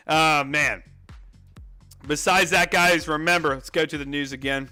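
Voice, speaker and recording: A man hosting a trading livestream in casual chat, reading out viewer names rapidly with excited outbursts and running out of breath. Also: fairly high pitch, over music.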